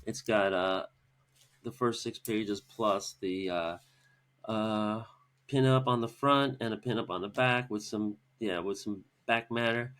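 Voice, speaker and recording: Man, podcast guest, casual, hesitant, filler words, lowish voice. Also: measured pace, a bit bright. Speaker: podcast guest, comic artist. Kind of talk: casual chat.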